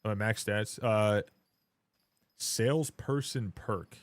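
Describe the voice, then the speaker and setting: A lower-pitched man chats loosely through a live game stream, rambling and swearing freely. His voice sounds dry and close, with hardly any room around it, and he gets loud and hyped when he thanks viewers. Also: slow pace, no echo. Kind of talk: casual live-stream chat while gaming.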